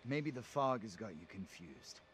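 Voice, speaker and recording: An actor playing a steady, reassuring man in a video game. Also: on the low side, unhurried, slight background noise.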